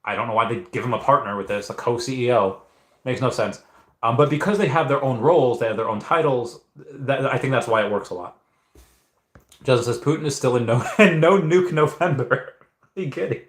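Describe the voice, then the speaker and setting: A man's voice: mid-range voice, brisk, fairly bright tone. Rambling young man, echoey room. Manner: rambling, repeats words and restarts often. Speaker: livestream host reading chat. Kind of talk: casual livestream Q&A.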